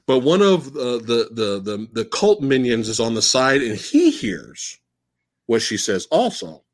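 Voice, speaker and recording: A man hosting a casual podcast, mocking a film's plot in a profane, animated way as he retells it. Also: mid-range voice, unhurried. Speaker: podcast host. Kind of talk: casual podcast film discussion.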